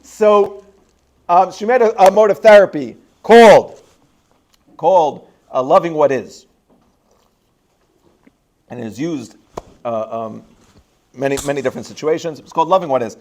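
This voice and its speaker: A man's voice: a little high, expressive, normal speed, long pauses, a little mellow. A man teaching a class in a school classroom, joking and rambling between points and repeating key lines for emphasis. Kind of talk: lively classroom lecture with asides.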